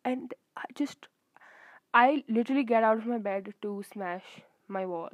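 A young woman telling a rambling, animated story to her viewers in casual chat, gushing with emphatic bursts. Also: on the high side, unhurried, dry recording, low-quality recording. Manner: rambling with fillers and self-corrections. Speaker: vlogger.

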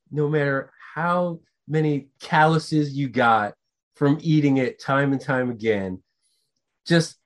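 A man co-hosting a podcast in casual chat, ranting with profanity and getting animated. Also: fairly high pitch. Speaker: podcast co-host.

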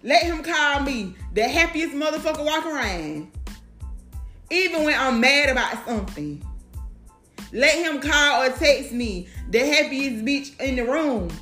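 A woman's voice: high-pitched, fairly bright tone. A woman talking in a casual, blunt and profane monologue, telling her stories with lots of animation. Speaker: mother talking to camera. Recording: roomy sound with faint music.

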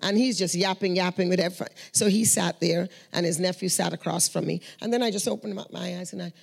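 Sharing prayer testimonies in storytelling form, this gravelly, husky-voiced Christian speaker talks fast at a fairly low pitch. She stays earnest and conversational, performing the quoted voices.

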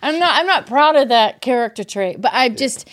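A woman from the East Coast hosts a relaxed podcast chat in a slightly high voice. She talks bluntly, with an exasperated edge, dropping swear words as casually as filler. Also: moderate pace. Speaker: podcast host.

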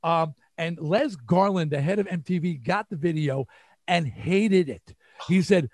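This guest musician from the New York area speaks at a measured pace in a high voice, captured dry and studio-clean. An older man with a New York accent, he tells interview stories with animation and acts out quotes.

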